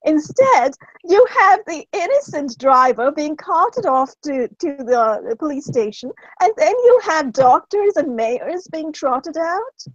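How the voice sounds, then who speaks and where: Woman host with a high voice, indignant and emphatic, on dull, dry lo-fi call audio. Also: big pitch swings, a little slow, few pauses, no room sound.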